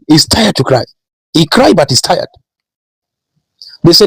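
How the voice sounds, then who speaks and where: Preaching man with a husky, dry voice. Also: a little high, lively intonation, a little slow, dry recording, poor audio. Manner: preaching with repetition and rising emphasis. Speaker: pastor. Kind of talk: sermon.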